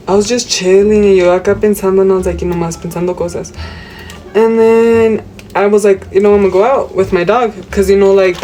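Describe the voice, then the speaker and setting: A woman's voice: mid-range voice, darkish tone, slight background noise, poor audio. A woman chatting through a casual home cooking vlog, rambling and crude, with Spanish slang mixed into her English. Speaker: cooking vlogger. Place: home kitchen.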